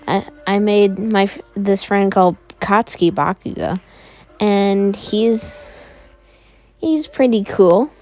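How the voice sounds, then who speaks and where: Lady putting on a squeaky little boy, super eager, talks slow, kinda mellow tone. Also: close to an everyday voice. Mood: cheerful.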